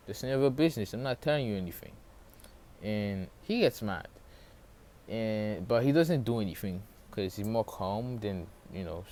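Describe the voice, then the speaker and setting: A man with a lowish, slightly mellow voice casually retells a fan story while nursing a sore throat. He rambles, loses track of names along the way, and uses many fillers.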